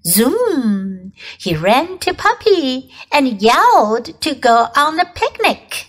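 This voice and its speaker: A woman English teacher, whose first language is Chinese, reading a children's story aloud in two languages with a clear, sing-song manner for small children. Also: high-pitched, sing-song, slow pace, fairly bright tone.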